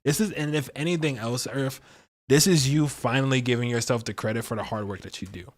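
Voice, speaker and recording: A man hosts a relaxed livestream tarot reading, his voice sitting at an ordinary middle pitch. He talks in a loose, playful way, pokes fun at himself and leans on plenty of fillers. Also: a little fast. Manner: chatty and playful, laughs at himself, many fillers. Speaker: astrology and tarot reader, livestream host.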